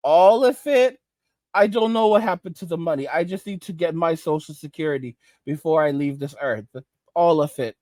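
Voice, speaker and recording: A man's voice: on the high side, fairly quick, a little mellow, no room sound, lightly acted. A man voicing a whiny elderly retiree who indignantly defends his pension and stammers.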